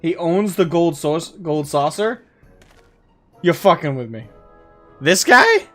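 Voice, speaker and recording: A man streaming a game and chatting casually, amused and quick to laugh and swear. His voice sits a little high and moves around a lot, with faint game music behind him. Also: animated, a bit bright. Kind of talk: casual gameplay commentary.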